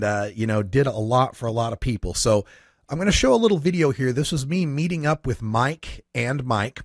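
A man's voice: medium pitch, a bit bright, no echo. Talk radio host man, dry studio sound. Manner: conversational, somber, with fillers. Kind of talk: casual talk radio hosting.

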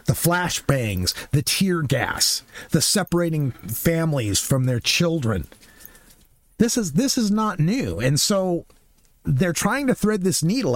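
A man's voice: fairly high pitch, no room sound. Male commentator, sarcastic and fired up, voice leaping up and down, dry close mic. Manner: sarcastic, impassioned. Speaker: political commentator. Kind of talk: opinionated commentary monologue.

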